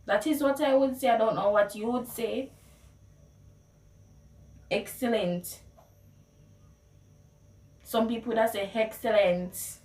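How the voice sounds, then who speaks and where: A woman's voice: fairly high pitch, steady tone, slow, pauses often, a little mellow. A Jamaican woman hosting a casual language lesson, playfully repeating phrases. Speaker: video host. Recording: echoey room, mic at a distance.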